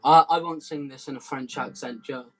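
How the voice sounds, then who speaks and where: A man from southwest England doing rambling comic patter between songs, hesitant and deadpan, full of ums and restarts. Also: medium pitch, normal speed. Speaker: comedy musician hosting a live stream.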